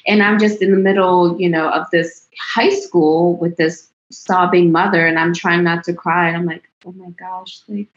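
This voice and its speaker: A woman's voice: on the low side, flat delivery, moderate pace, few pauses. A woman in her thirties telling a personal story in a casual interview, chatty, laughing often and trailing off into restarts. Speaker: interview guest. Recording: dull lo-fi sound.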